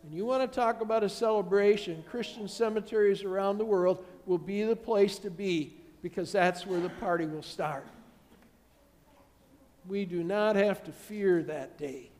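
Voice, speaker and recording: A man's voice: sits high, unhurried, a little mellow, long reverb tail. A man, a pastor, preaching a sermon with emphatic, building repeated phrases.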